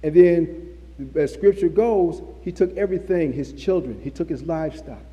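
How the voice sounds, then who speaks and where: A man's voice: a little high, normal speed, warm tone, dull audio. A man preaching a sermon, repeating phrases for emphasis. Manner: repetitive, emphatic preaching with restarts. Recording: long hall reverb.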